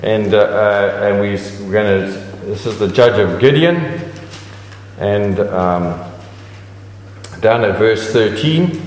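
A man giving a sermon in a conversational preaching style, leaping up in pitch to stress a point and often restarting his sentences. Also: slow, pauses often, darkish tone, a little hiss or hum. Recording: echoey hall with long reverb.

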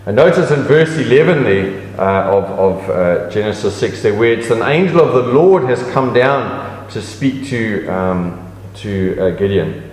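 A man's voice: animated, a little slow, a little mellow. Man preaching in an echoey hall. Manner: conversational preaching with pitch swings and restarts. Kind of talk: sermon. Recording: echoey hall with long reverb.

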